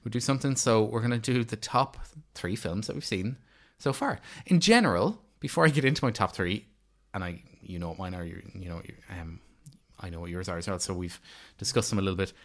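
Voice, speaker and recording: A man in his thirties talks films on a casual podcast with a lowish voice. He rambles and restarts often, tossing in fillers as he goes. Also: animated, fairly quick, hardly any pauses, fairly bright tone. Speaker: podcast co-host. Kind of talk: casual film review chat.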